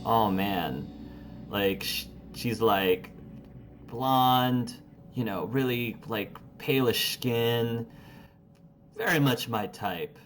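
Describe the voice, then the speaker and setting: A medium-pitched man voices a laid-back young guitarist in a tabletop role-play held over the phone, soft music playing behind him. He sounds relaxed and chatty, rambling casually and stretching out his fillers.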